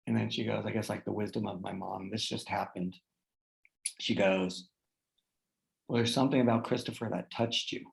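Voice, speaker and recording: A man with a gravelly, creaky voice tells a personal story to his guests in an earnest, heartfelt way. He leans on fillers like "like" and "you know" as he goes. The sound is roomy and echoey. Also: lowish voice, steady tone, normal speed, long pauses. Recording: roomy echo.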